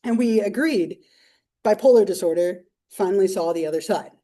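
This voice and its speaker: Woman instructor, mellow voice, lively storytelling, roomy distant classroom sound. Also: medium pitch, normal speed. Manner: animated storytelling with many fillers. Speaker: psychology instructor. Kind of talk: casual classroom lecture. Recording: roomy classroom mic from far off.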